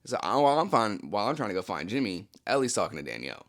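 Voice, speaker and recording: A man's voice: on the low side, very animated, rapid-fire, a bit bright. A young adult man hosting his channel, telling a personal story in a casual, slangy way, with lots of "like" and "you know". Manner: laid-back, slangy, full of "like, you know" fillers.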